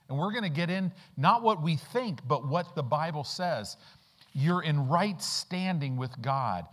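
A pastor preaching a sermon, telling stories with lively rhetorical questions and acted-out quotes. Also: male voice, fairly high pitch. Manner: animated storytelling with rhetorical questions. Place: church in the Midwest.

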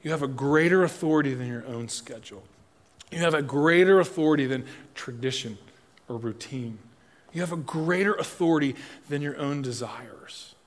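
A man preaching a sermon as pastor, swinging from loud emphatic lines to soft, hushed appeals and asking the listeners direct questions. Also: on the high side, moderate pace. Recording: long reverb of a large hall.

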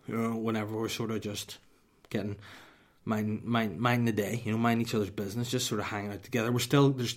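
A young Northern Irish man hosting a podcast, telling a comic story in a sweary, mock-dramatic way and dropping to a whisper for punchlines. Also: fairly low pitch. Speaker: podcast host.

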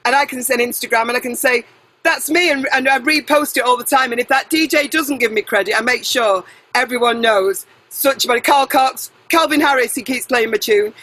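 A middle-aged woman singer talks in a casual interview with a bright, forceful voice. She is chatty and animated. She jumps into tangents and corrects herself as she goes. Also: on the high side, moderate pace, rough recording.

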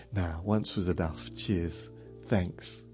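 A man hosting a sleep podcast, meandering through a rambling monologue and chuckling at himself. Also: low-pitched. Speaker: podcast host.

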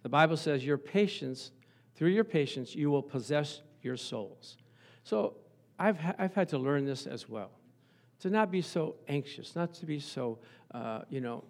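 A man preaching a sermon, telling lively stories and acting out the voices of the people in them. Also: medium pitch. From Italian family background. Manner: animated storytelling, acts out voices. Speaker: pastor.

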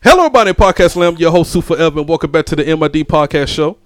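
A man's voice: a little high, animated, racing. Joking male podcast host. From Georgia. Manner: joking, teasing. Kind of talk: casual chat.

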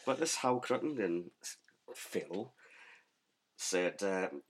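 A man's voice: deep voice, animated, takes it slowly, long pauses, slightly rough. A man chatting casually, telling a rambling anecdote with frequent ums and restarts. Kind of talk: casual chat.

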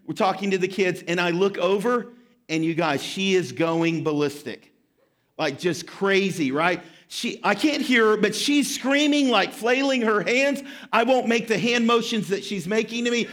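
Preaching in a high-pitched voice, a pastor in his thirties opens with animated, self-deprecating stories. Only after that does he turn to scripture.

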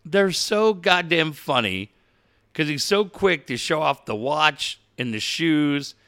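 A middle-aged man chats on a talk show, telling stories with energy and a casual curse here and there. His voice sits a bit high and sounds bright and forceful. His pitch swings widely as he gets into a story. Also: takes it slowly. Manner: animated storyteller, swears casually. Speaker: radio show co-host. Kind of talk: casual chat.

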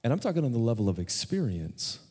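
A male American pastor in his thirties, preaching to a congregation in a casual, storytelling way and often asking the room questions. His voice sits at an ordinary middle pitch. It carries a long reverb that rings through a large church sanctuary. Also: big pitch swings, quick pace, a little mellow, slightly rough. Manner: conversational, storytelling preacher who asks the crowd questions. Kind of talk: sermon.

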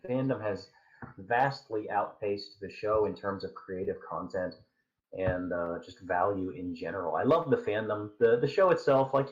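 Guest, male, low voice, pauses and fillers, dull remote-call sound. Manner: halting, thoughtful, frequent fillers. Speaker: podcast guest, fan fiction writer. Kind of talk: casual podcast interview.

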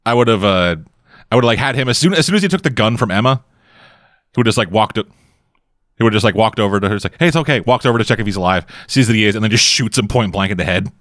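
A man's voice: fairly low pitch, fast, fairly bright tone, dry recording, clean studio sound. A man giving casual watch-along commentary on a film, rambling with many filler words. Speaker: co-host reacting to a film.

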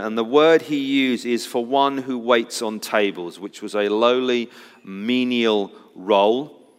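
A man preaching a sermon, telling the story with lively swings from loud, bright bursts to low, hushed passages. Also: takes it slowly, clear, resonant tone, big-room sound. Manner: animated storytelling, acting out disciples' voices, wide swings from loud to hushed.

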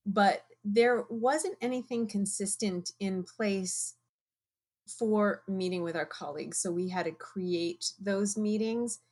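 A woman who chairs a science department and teaches biology, talking in a measured, thoughtful way in a casual conversation. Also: medium pitch, darkish tone. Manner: measured, thoughtful, slow-paced.

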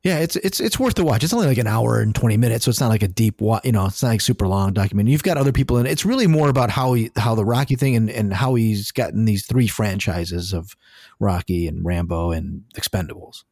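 A man co-hosting a casual podcast, talking in a rambling, animated, profane way. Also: on the low side, fast, no echo, clean studio sound. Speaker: podcast co-host.

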